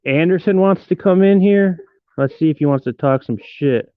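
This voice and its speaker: A man's voice: on the high side, normal speed, no room sound. A man from Detroit hosting a live stream, joking and rambling as he teases his viewers. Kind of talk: casual live-stream chat. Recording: tinny phone-like sound, dry.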